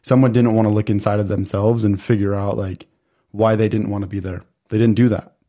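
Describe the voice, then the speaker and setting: A man's voice: fairly low pitch, level tone, fairly quick, warm tone. A man co-hosting a podcast, talking earnestly in casual chat, posing questions and swearing casually. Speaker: podcast co-host.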